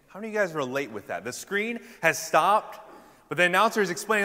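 Young man, preacher, bright forceful voice, slightly high, animated storytelling, long hall reverb. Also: a little fast. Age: young adult. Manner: animated storytelling, loud punchlines, casual fillers. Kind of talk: sermon with personal stories.

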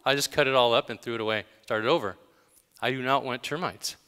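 A man's voice: medium pitch, brisk, sharp tone, clear, resonant tone. A male pastor giving a conversational, emphatic sermon, telling everyday stories with dramatic gasps. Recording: long hall reverb.

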